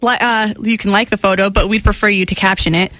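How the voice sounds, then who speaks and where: A woman's voice: mid-range voice, steady tone, fast, fairly bright tone, dry recording, rough recording. A woman co-hosting a morning radio show, chatting casually and laughing a lot. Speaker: radio co-host. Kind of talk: casual studio banter. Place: radio studio. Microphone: studio microphone.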